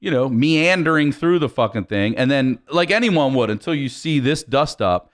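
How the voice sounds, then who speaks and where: Male podcast guest, rowdy raconteur, swings his pitch up and down. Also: normal speed. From Baltimore, USA. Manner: lively, profane, laughs while telling. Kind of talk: animated storytelling.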